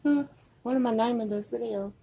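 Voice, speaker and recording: Brief: woman, high voice, teasing sister, home video feel. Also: fairly quick, vocal fry, husky, rough recording. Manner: loud, laughing, teasing. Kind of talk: casual chat. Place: home kitchen.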